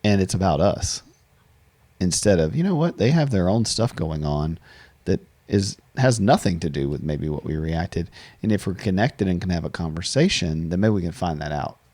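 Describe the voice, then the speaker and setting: Low, dark-voiced man hosting. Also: expressive, normal speed, no room sound. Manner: reflective, repeats words while thinking. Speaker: podcast host. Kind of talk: conversational interview.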